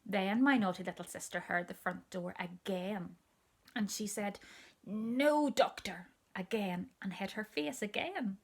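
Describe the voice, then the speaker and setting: A woman reading a children's story aloud in a gentle, intimate way with soft asides. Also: mid-range voice, normal speed.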